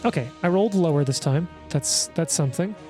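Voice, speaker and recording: Male game master, slightly higher voice, wry and apologetic, faint music underneath. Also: animated, dark tone. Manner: apologetic, wry, quick talk with frequent restarts. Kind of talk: narrating a tabletop game.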